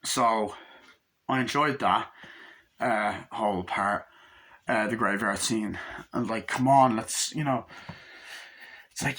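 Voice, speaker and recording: Man, casual movie review, rambling, acts out scenes, bright tone, middle pitch. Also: a little fast, breathy edge. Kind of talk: casual film review vlog.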